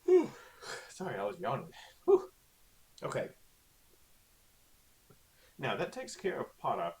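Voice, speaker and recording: A man's voice: medium pitch, huge pitch swings, slow pace, darkish tone. A male teacher talking casually through a recorded online lesson, with lots of okays and ums. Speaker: Spanish teacher.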